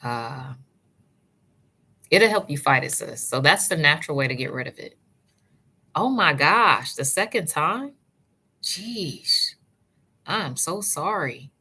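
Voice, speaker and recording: A woman's voice: sits low, animated, takes it slowly, long pauses, slightly rough. A woman giving natural hair advice in a casual livestream, breaking off to greet chat viewers by name and calling them sis and love. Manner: warm, chatty, answers live chat by name, calls viewers sis and love.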